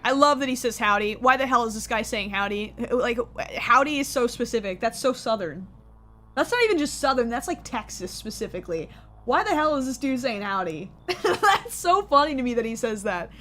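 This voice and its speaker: A woman's voice: a little high, sing-song, moderate pace, pushed and bright. A young woman streaming a game, chatting casually, joking and correcting herself as she goes. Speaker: gaming streamer. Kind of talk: casual let's-play commentary.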